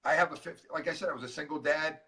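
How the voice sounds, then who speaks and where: A man's voice: fairly high pitch, steady tone, very fast, sharp tone, distant mic, poor audio. A middle-aged man from Massachusetts, a guest coach telling his story in an interview and acting out the dialogue as he goes. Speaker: guest speaker, transformational coach.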